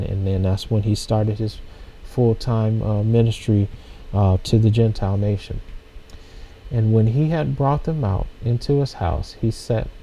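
A man preaching at an informal scripture study, reading verses aloud and explaining them slowly in short phrases, with frequent rhetorical questions. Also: on the low side, vocal fry, mellow, slight background noise, rough recording.

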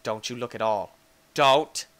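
In a medium-pitched voice at a moderate pace, a man gives lively let's-play commentary on a game mod. He playfully addresses objects in the game and throws in sudden joking shouts.

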